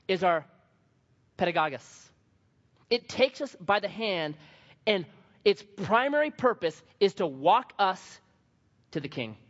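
Brief: male pastor, fairly high voice, animated storyteller, dull recording from a church hall with long reverb. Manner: animated, humorous storytelling with emphatic repetition. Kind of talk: sermon.

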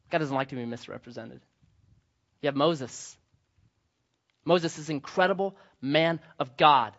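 A man's voice: on the high side, animated, moderate pace, fairly bright tone. A young man preaching a sermon as pastor, telling stories with humor and acting out the voices. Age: young adult. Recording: slightly dull lo-fi sound.

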